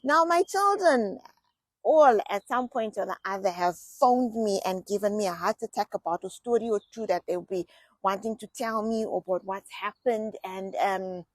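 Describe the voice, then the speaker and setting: A middle-aged woman from England telling personal family stories in a chatty, animated vlog style, often repeating herself. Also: fairly high pitch, no echo. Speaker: vlogger. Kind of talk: casual personal storytelling.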